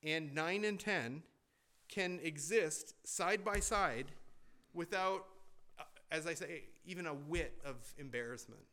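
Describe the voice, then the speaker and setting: A pastor preaching a sermon in a church, emphatic and deliberate, with rhetorical questions. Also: male voice, on the high side, sharp tone.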